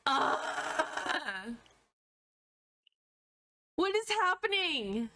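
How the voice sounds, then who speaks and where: A woman streamer reading a webcomic with her husband, giggly and excitable in casual chat. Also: high-pitched, extremely slow.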